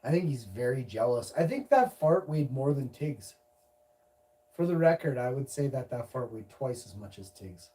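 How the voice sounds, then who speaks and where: A man's voice: medium pitch, animated, moderate pace, mellow, distant mic, poor audio. A man streaming live, goofy and rambling, talking casually to viewers and lapsing into baby talk with his cat. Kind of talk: casual livestream chat.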